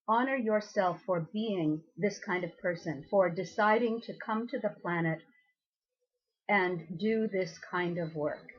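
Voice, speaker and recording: A woman's voice: mid-range voice, husky, dull audio. A woman speaking as a temple priestess, giving an earnest, encouraging message straight to her listeners in a loose, unscripted way. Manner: loose and unscripted, with many ums and uhs. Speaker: presiding priestess of a goddess temple. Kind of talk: inspirational recorded message.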